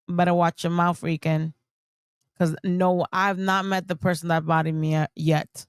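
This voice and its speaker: A woman's voice: fairly low pitch, flat delivery, moderate pace, clean tone, no room sound, studio quality. A woman hosting a livestream, talking casually and emotionally, swearing often and rambling. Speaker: streamer host.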